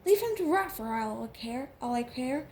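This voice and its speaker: A woman voicing a hostile young woman with a husky Southern twang who speaks loudly and with scorn. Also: sits high, unhurried, a little hiss or hum. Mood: furious. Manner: loud, cutting and scornful.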